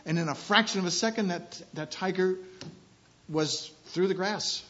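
A man with a high voice preaches a sermon, dropping to quiet asides and then rising into loud, emphatic scripture readings. He repeats his key phrases for emphasis. The recording sounds dull and lo-fi. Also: moderate pace.

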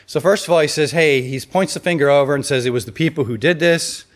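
A man's voice: fairly high pitch, quick pace. A man preaching a sermon in a conversational way, reading scripture and acting out the quotes.

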